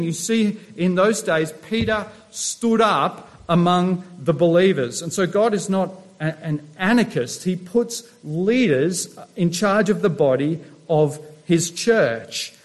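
A middle-aged man, a pastor, preaching a sermon and asking his listeners questions as he teaches. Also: sits high. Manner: asks the congregation rhetorical questions.

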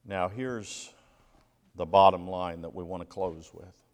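A male minister delivers a sermon in a church sanctuary, his voice sitting on the low side. He reads scripture aloud with dramatic pauses and emphasis. A long reverb from the large hall trails after each phrase. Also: darkish tone. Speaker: interim lead minister.

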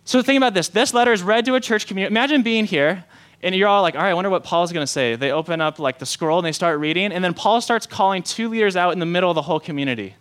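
A man preaching a sermon to his congregation, conversational and animated, acting out the lines he quotes. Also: high voice, very fast, clean tone. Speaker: pastor.

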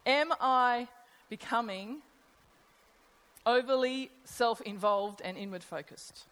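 A middle-aged woman delivers a sermon in a fairly high voice, talking conversationally and putting rhetorical questions to her listeners. Her words ring out with a long reverb, as if she were in a big hall. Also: takes it slowly, a bit bright. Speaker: preacher.

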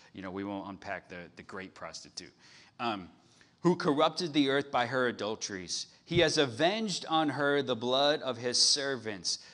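A man preaching a sermon, reading scripture loudly and then dropping to a soft, confiding tone. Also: mid-range voice. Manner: animated, swings from loud reading to soft confiding. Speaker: pastor. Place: outdoor patio church service.

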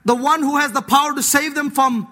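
A male preacher delivers a lively, joking sermon, slipping into acted voices and casual slang between verses. His voice sits very high and rings bright and forceful. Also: brisk. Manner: animated, playful, acting out voices and laughing; mixes scripture with slang like "dude".

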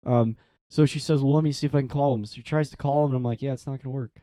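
A man's voice: mid-range voice, very fast, no room sound. Young guy priest, chatty storyteller, lots of "like", acts out the voices, dry mic. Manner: animated, acts out quoted voices, frequent "like" fillers. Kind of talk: casual storytelling interview.

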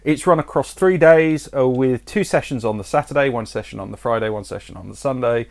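A man's voice: medium pitch, brisk, vocal fry. A man co-hosting a podcast, talking in a jokey, self-deprecating way. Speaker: podcast co-host. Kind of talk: casual chat.

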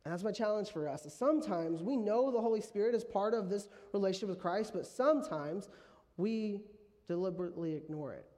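A man's voice: high voice, fairly quick, mellow, long reverb tail. A man preaching a sermon as pastor, conversational, often repeating key phrases for emphasis. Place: church sanctuary.

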